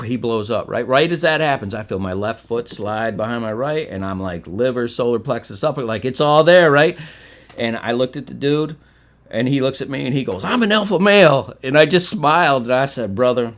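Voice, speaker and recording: A middle-aged man from Michigan, a podcast guest telling a story in a casual, animated way and acting out the quotes. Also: medium pitch. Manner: animated storyteller, acts out quotes with swings in loudness.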